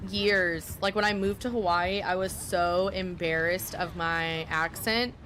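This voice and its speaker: A woman's voice: lowish voice, steady tone, a little slow, noisy background. A young woman from Texas with a faint Southern US accent, chatting casually on a live stream in a rambling, self-deprecating way.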